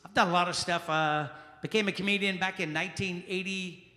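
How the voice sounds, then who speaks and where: Loud stand-up comic in an echoey club. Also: male voice, high-pitched, fairly even intonation, a little fast. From Charleston, South Carolina. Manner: loud, punchy crowd work. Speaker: stand-up comedian. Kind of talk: stand-up comedy set. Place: small jazz club. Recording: echoey club room with long reverb.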